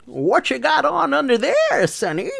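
Cheeky ninety-year-old granny, put on by a male storyteller, high and quavery. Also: wildly swooping pitch, unhurried, gravelly, a bit bright, exaggerated voice. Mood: sweet, cheeky.

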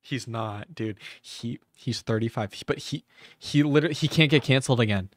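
A man's voice: medium pitch, moderate pace, no room sound. Man, live reaction stream, sarcastic, crude, dry close sound.

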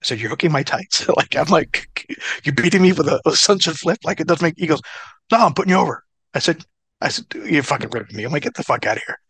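A man's voice: on the high side, fast, breathy edge, no echo. A middle-aged man, a former wrestler, telling stories in a casual interview, swearing often and laughing between bits. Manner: profane, laughing, animated storyteller. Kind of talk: casual storytelling.

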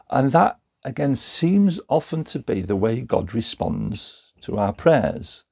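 A man's voice: mid-range voice, lively intonation, measured pace, gravelly, few pauses, warm tone, breathy edge. A man preaching a Methodist sermon, thinking aloud in a reflective way with small restarts. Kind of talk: recorded sermon.

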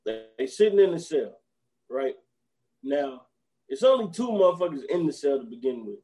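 A man's voice: a little high, very animated, normal speed, mellow, poor audio. A man co-hosting a podcast, emphatically retelling a comedy scene and acting out its dialogue. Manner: emphatic storyteller, profane, acts out dialogue. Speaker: podcast co-host. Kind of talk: casual movie recap chat.

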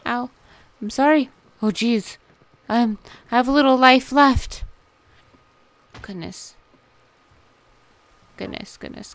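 A woman's voice: medium pitch, fairly bright tone. A young woman chatting casually as she plays a video game, talking to the animals and giggling often. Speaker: gaming video host. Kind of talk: casual gameplay commentary.

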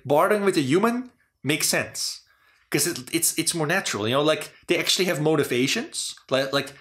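A man's voice: on the high side, fairly bright tone. A man hosting a casual talk about game design, rambling with lots of "you know" and "like". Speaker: channel host.

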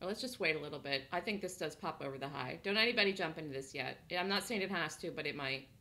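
A woman's voice: low voice, quick pace, sharp tone. A woman hosting a live day trading room, chatting casually, laughing often and thinking aloud as she calls trades.

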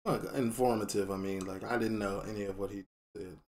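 A man's voice: on the low side, fairly even intonation, a little fast, darkish tone, a little hiss or hum. A man from Chicago reacting to a documentary in loose, casual slang that often trails off. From Chicago, USA. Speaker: reaction video host.

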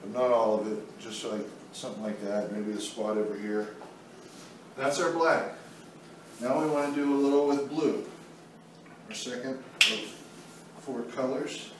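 A man's voice: mid-range voice, fairly even intonation, a little slow, long pauses. Man explaining a painting demo, echoey. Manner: easygoing, talks while working. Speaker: art instructor. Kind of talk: step-by-step painting demonstration. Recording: very echoey room, mic far off, faint noise.

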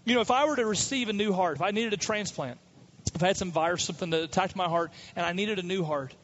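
A man's voice: high-pitched, breathy edge, muffled recording. A man pastor preaching a sermon in a conversational way, with stories from his own family. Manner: conversational preaching with personal anecdotes.

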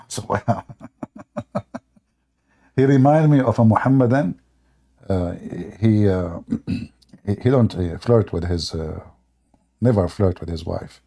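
Husky, dark-voiced mocking male host. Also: lowish voice, takes it slowly, pauses often. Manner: mocking, chuckles often; rambling anecdotal storytelling. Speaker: debate show host. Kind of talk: casual mocking monologue.

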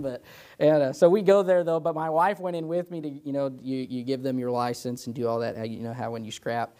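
A young man in his twenties preaching in an easygoing, conversational way, with a voice of ordinary middle pitch. He drifts into stories from his own life and keeps tossing in "amen" and "you know" between points. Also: fairly quick, darkish tone. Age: 20s. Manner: chatty, tells personal stories, peppers lines with "amen" and "you know". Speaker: pastor teaching Sunday school. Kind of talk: informal Sunday school preaching.

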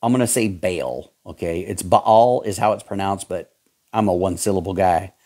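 A man's voice: low voice, fairly quick, warm tone. A man with a Southern accent preaching a fiery sermon, fervent and emphatic, hammering points through repetition. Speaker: pastor.

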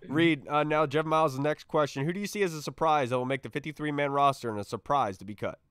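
A man's voice: fairly high pitch, fast, clean tone, no room sound. Male sports podcast host, clean resonant tone, dry booth sound, eager and chatty. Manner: excitable, rambling storyteller. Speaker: podcast host reading fan questions. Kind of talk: casual sports podcast chat.

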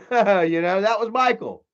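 A young man chats on a livestream in a high-pitched, fairly bright voice, taking his time. He rambles and curses with plenty of "you know"s, and the stream audio sounds dull and lo-fi.

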